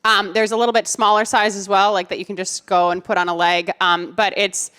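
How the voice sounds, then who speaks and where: A woman's voice: mid-range voice, level tone, a little fast, a bit bright, clear, resonant tone. A woman co-hosting a casual podcast, bubbly and chatty. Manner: bubbly, chatty, laughs often. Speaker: podcast co-host. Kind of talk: casual chat.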